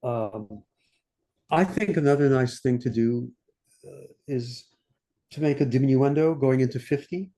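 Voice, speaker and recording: An older conductor teaching an online masterclass, talking through a score and singing the passages in scat syllables. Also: male voice, medium pitch, a little slow, long pauses, mellow. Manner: sings passages in scat syllables between instructions. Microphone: computer mic on a video call.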